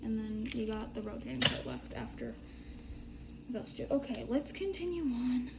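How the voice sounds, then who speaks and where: A woman's voice: fairly high pitch, wildly swooping pitch, normal speed, gravelly, noisy background. A young woman chatting casually while demonstrating a bead craft, rambling and swearing freely. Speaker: crafting tutorial vlogger.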